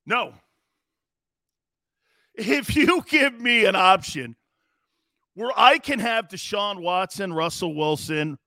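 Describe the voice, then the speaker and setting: A man's voice: high voice, pushed and bright, no echo, studio quality. A man hosting a sports talk show, delivering a brash, mocking monologue. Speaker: sports radio host.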